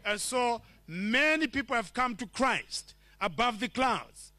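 A man's voice: very high voice, expressive, measured pace, pushed and bright, no room sound. A man from Zimbabwe giving an earnest testimony sermon in a church, telling his story and acting out the dialogue.

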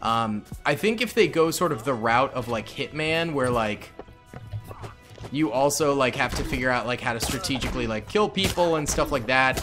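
A young man giving goofy, casual commentary over his own gameplay, muttering to himself and then yelling at a character. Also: medium pitch, animated, moderate pace, music in the background. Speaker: gaming YouTuber.

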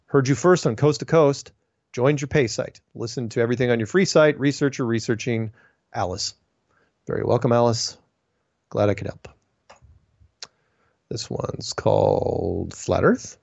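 A man's voice: medium pitch, measured pace, vocal fry, long pauses, darkish tone, dry recording. Guy going thru viewer emails, chatty and opinionated, restarts a lot, dull lo-fi sound. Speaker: host answering viewer mail. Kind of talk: casual monologue, reading emails aloud.

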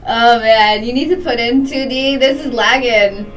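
A woman's voice: on the high side, fairly even intonation, normal speed, distant mic, faint music behind, poor audio. A young woman streaming a game, chatting casually and greeting her viewers by name with lots of giggles. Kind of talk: casual live-stream chat while gaming.

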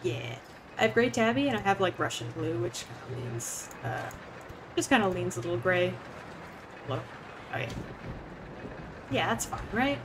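A woman's voice: lowish voice, big pitch swings, normal speed, pauses often, background noise. A young woman on a casual gaming livestream, rambling, giggling and swearing now and then as she chats with viewers. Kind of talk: casual gaming stream chat.

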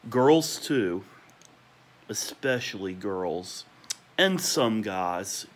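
A young man at home at night, ranting emotionally about people he misses and repeating warm praise, sometimes talking quietly. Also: fairly low pitch, expressive, very slow. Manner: emotional, repetitive, listing names with gushing praise; talking quietly at times because parents are asleep. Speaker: vlogger. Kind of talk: nostalgic rant to camera.

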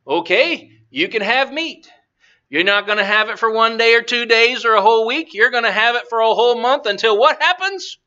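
A blunt male deity scolds and teases the complainers, as a man puts him on. The voice is very high and sharply bright. The recording is dull and lo-fi. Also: animated, moderate pace, exaggerated voice. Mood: blunt scolding. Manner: blunt, teasing.

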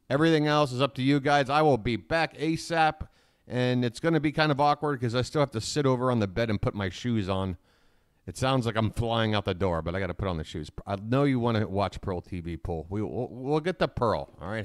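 Guy on a live stream at home, rambling fast to chat, dry close sound, mid voice. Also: medium pitch, no room sound. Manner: rambling, hurried, talks to chat directly.

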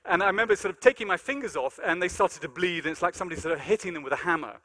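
A man giving a lecture in a large conference hall, telling animated, self-deprecating stories. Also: high-pitched, racing. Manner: animated, self-deprecating anecdotes, many fillers. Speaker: keynote lecturer. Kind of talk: storytelling lecture with acted-out dialogue.

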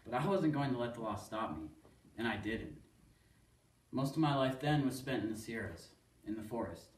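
A man reading a first-person poem aloud as a student, in a steady, earnest storytelling delivery. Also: medium pitch, moderate pace. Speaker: student reader. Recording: echoey room, voice from far off.

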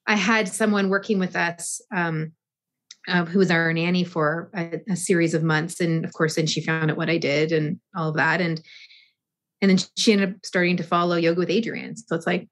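A woman with a somewhat low voice talks through her ideas in a podcast interview. She is reflective, restarting phrases as she searches for the right words. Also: steady tone, moderate pace. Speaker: guest yoga teacher.

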